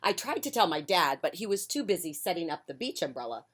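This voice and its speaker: A woman reading a children's picture book aloud on a porch, with a gentle, friendly delivery. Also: lowish voice, very animated, fast, husky. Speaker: children's storyteller.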